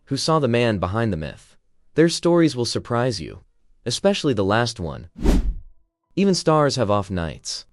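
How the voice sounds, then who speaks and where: A man's voice: medium pitch, a little mellow, no room sound, studio quality. Dramatic male documentary narrator. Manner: dramatic, teasing delivery. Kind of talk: scripted narration.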